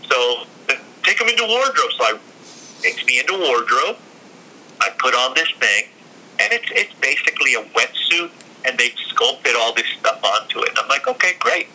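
A man in a casual interview, telling stories in a lively, chatty way with lots of fillers. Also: medium pitch, moderate pace, low-quality recording. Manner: animated, acts out other people's lines. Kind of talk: casual storytelling.

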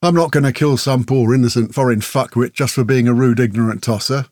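A man voicing a small, amused male wanderer of about fifty who mocks calmly. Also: mid-range voice, fairly quick, no echo, studio quality, close to an everyday voice. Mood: mocking. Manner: amused, mocking, unbothered.

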